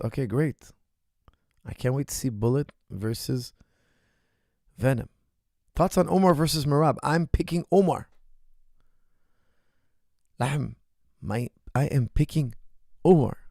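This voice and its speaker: A man's voice: medium pitch, creaky, darkish tone, dry recording, clean studio sound. A middle-aged man, a martial arts coach, answering viewer questions on a livestream in an emphatic way that keeps checking in with "right?" and "okay?".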